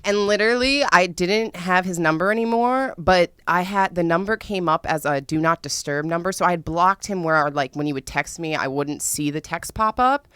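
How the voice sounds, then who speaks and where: A young woman on a podcast, telling her own story with lots of swearing and drama and jumping into loud squeals at times. Her voice is smooth and lower-pitched, recorded close and dry with no room sound. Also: normal speed, hardly any pauses, no room sound. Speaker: podcast host. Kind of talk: casual storytelling monologue.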